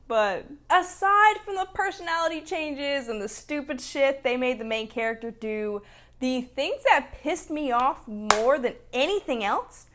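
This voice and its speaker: A woman's voice: high-pitched, a bit bright. A woman ranting about a book and its film in a casual vlog, emphatic and freely profane. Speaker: book reviewer. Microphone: camera mic.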